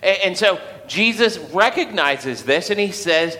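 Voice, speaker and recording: Pastor guy chatting through a sermon, bright forceful voice, long church echo. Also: high voice, animated, a little slow. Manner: conversational storytelling with acted quotes and laughs. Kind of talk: casual sermon.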